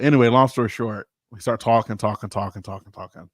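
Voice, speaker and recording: A man and pastor telling a personal story casually, animated and informal, acting out the people he quotes. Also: fairly low pitch, fast, no room sound, studio quality.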